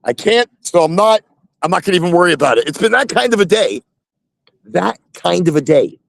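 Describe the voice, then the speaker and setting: A high-pitched man with a gravelly edge hosts a casual live chat, talking from his phone while sitting in his truck. He rambles and repeats himself. The sound is dry and close. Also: big pitch swings, brisk, no echo. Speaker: host.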